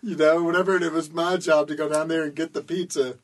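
Male talker, high-pitched, rambling and profane, casual storytelling. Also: fairly even intonation, fast talker. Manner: rambling, profane, laughs while telling.

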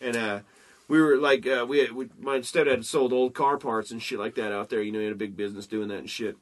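A man's voice: mid-range voice, fairly even intonation, quick pace. A man from Texas, telling a profane story with lots of "uh" and "man". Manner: loose, profane, drawling fillers like uh and man. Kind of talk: casual storytelling chat.

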